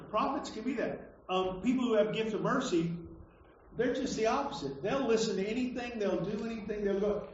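Pastor, male, high-pitched, chatty sermon delivery with stammered restarts, in a booming echoey room, faint hiss. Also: darkish tone, recorded from a distance. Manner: conversational, stammers and repeats words, emphatic. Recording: echoey hall, dull lo-fi sound.

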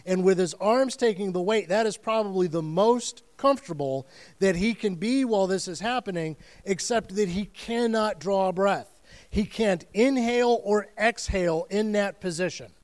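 A man's voice: sits high, normal speed, a little mellow. A man preaching a sermon as pastor, telling the story in earnest and vivid detail and repeating phrases for weight.

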